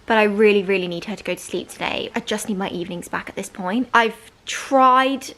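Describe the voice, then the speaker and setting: A woman's voice: mid-range voice, brisk, a bit bright. A young woman, chatting casually and self-deprecatingly in a home vlog. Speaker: vlogger.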